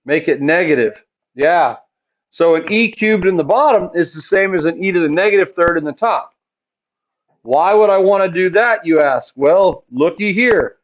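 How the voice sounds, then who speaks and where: Chatty high-voiced male math teacher. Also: expressive, normal speed, lo-fi sound. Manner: chatty, asks questions then answers them, jokes. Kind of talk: classroom math lecture. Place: classroom.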